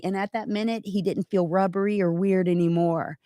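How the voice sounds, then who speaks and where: Thirties woman, earnest and animated, telling a personal story; medium pitch, dry recording. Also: brisk, hardly any pauses, dry recording. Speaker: guest giving testimony. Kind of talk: emotional personal testimony.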